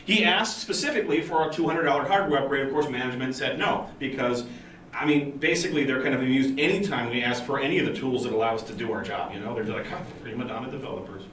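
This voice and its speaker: A man giving a conference talk to a room of engineers, chatty and lively, acting out the people in his stories. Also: medium pitch, fast. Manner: lively, conversational, acts out quoted people. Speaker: conference speaker. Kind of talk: technical conference talk with storytelling. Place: meeting room at a user group event. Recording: roomy and distant with faint noise.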